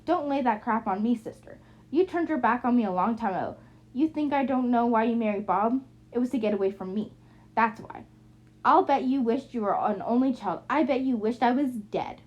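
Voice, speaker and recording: A woman's voice: on the high side, normal speed, a little mellow, lightly acted. Woman reading as a bitter, drunk young sister. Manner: taunting, accusing, slurring anger. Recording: muffled lo-fi recording.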